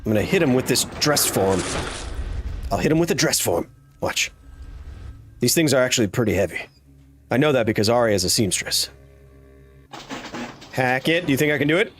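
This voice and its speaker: A man's voice: medium pitch, animated, moderate pace, long pauses, a little hiss or hum. A man in his thirties giving playful, jokey live commentary while streaming a game. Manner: playful, jokey, slips into silly voices and exclamations. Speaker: gaming streamer.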